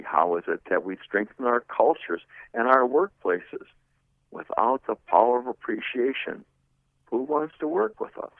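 A middle-aged man speaks about leadership in a rough, gravelly voice that swings widely between emphatic and hushed. He tells personal stories and asks the listener rhetorical questions. The sound is dry and narrow, like a radio broadcast heard over a phone. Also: mid-range voice, no echo. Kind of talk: personal storytelling talk. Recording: tinny phone-like radio audio.

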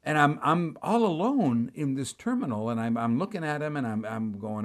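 A man's voice: on the high side, sing-song, moderate pace, few pauses. A middle-aged man, a preacher, telling a dramatic, exasperated story in a storytelling sermon.

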